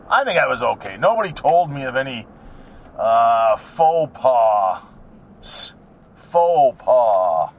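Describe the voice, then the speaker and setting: Rambling joker with a high, bouncy voice. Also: male voice, a bit bright. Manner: joking, crude, wanders off topic. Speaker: vlogger. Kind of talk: rambling casual monologue while driving. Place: in a car. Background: faint road noise.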